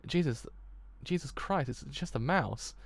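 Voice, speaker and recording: Man voicing an excitable middle-aged man, loud, jumpy, raised pitch, gravelly. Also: measured pace, no room sound, heavily acted. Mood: startled. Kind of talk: reading a comic aloud.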